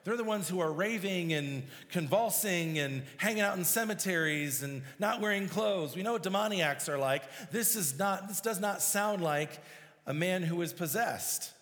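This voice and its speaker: A man's voice: high-pitched, lively intonation, moderate pace, a bit bright. A man preaching a sermon, reading scripture aloud and explaining it verse by verse with emphasis. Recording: long hall reverb.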